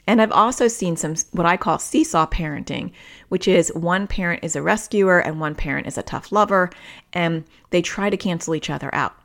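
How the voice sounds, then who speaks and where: Woman podcast host, therapist type: low, gravelly, conversational explainer. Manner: conversational, explains through everyday examples. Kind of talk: casual solo podcast talk.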